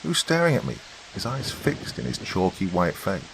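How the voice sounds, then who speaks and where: A man reading a sci-fi horror story aloud as podcast host, with measured, expressive narration. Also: low-pitched, gravelly, slight background noise, poor audio.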